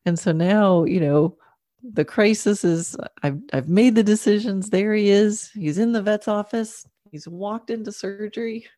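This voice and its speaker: A woman's voice: mid-range voice, measured pace, warm tone, no room sound, clean studio sound. A middle-aged woman telling a personal story in an earnest, reflective way, often checking in with "right?" and "you know". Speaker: horse owner sharing a personal story. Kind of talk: casual storytelling monologue.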